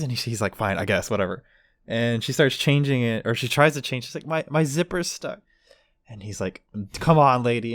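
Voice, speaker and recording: A man's voice: mid-range voice, moderate pace, no room sound. A man co-hosting a casual podcast, rambling through a story and acting out the quotes. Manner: rambling, acts out quotes with voices. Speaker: podcast co-host. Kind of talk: casual chat.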